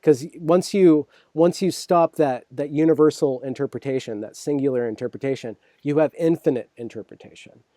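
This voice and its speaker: A man hosting a casual conversation, thinking out loud with many restarts and checking "right?" as he explains. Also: a little high, moderate pace, no echo, studio quality. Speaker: host.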